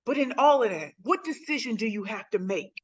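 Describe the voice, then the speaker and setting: A woman's voice: on the high side, animated, a little fast, slightly rough. Emphatic woman telling her life story. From St. Louis, USA. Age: 40s. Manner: emphatic storyteller, repeats phrases for effect. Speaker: guest speaker. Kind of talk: motivational personal story.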